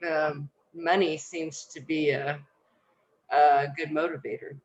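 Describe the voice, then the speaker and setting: A woman's voice: deep voice, level tone, slow, roomy sound, lo-fi sound. A woman in a training class, taking part in a role-play as a home seller and answering in a hesitant, casual way. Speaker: class participant playing a seller.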